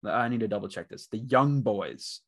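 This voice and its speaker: With a lowish, expressive voice at a moderate pace, a Midwestern man from the Dakotas runs his sports betting podcast alone. He chats casually, rambles, and keeps circling back with fillers and false starts.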